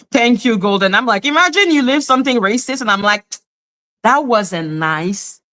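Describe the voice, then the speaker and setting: A woman's voice: fairly high pitch, expressive, a little fast, sharp tone. Fired-up woman ranting on a livestream. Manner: indignant, profane ranting with repeated phrases. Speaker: livestream host. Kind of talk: heated live commentary. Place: in Canada.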